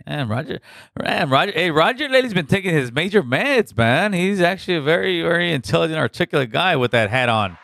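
A man's voice: a little high, animated, quick pace, gravelly, a bit bright, no room sound, clean studio sound. A middle-aged man hosting a casual call-in show, loose and slangy, repeating himself as he talks.

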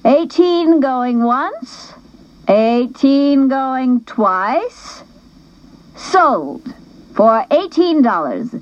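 Woman reading a warbling older auction host, calls drawn out very slowly, dull lo-fi sound. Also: high voice, very animated, pitched above the performer's own voice, heavily acted. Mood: announcing.

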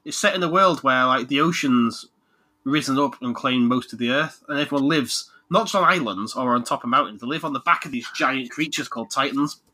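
A man's voice: mid-range voice, a little fast. A man who hosts a podcast, talking casually and joking a lot as he reviews video games. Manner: animated, jokey, laughs a lot. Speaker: podcast host, game reviewer. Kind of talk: casual chat.

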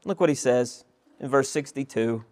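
A man's voice: medium pitch, normal speed, a little mellow. A male pastor preaching an expository sermon, reading scripture verses aloud and asking the listeners rhetorical questions.

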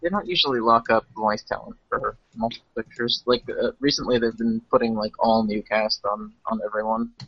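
Husky, sarcastic man co-hosting a podcast. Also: mid-range voice, a little fast, hardly any pauses. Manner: sarcastic, joking, swears freely. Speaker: podcast co-host. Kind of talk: casual chat. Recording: dull lo-fi call audio.

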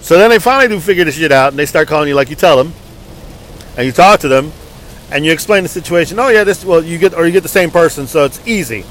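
A man's voice: a little high, lively intonation, fast, fairly bright tone, slight background noise, low-quality recording. A man venting angrily in a casual, profane, rambling story.

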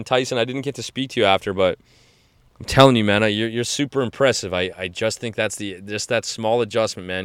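40s guy on a podcast, lowish voice, gushing about fighters, lots of "man" and restarts. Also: clean tone, no echo. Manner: enthusiastic, rambling with many restarts and "man". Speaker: podcast host. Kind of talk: casual fight-recap chat.

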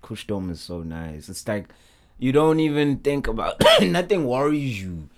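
A young man co-hosting a podcast in casual chat, talking in a relaxed way and chuckling often. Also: medium pitch, unhurried. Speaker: podcast co-host.

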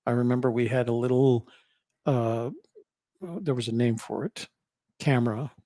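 A man's voice: medium pitch, moderate pace, mellow, no room sound, studio quality. An older man, a podcast co-host, telling rambling personal stories in casual conversation, with frequent restarts and fillers.

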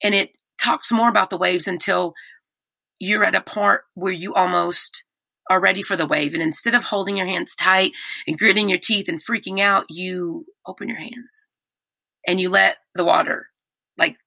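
Candid woman, bright gravelly voice. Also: mid-range voice, moderate pace, no echo. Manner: candid, animated, many restarts. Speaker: podcast guest. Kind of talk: emotional personal conversation.

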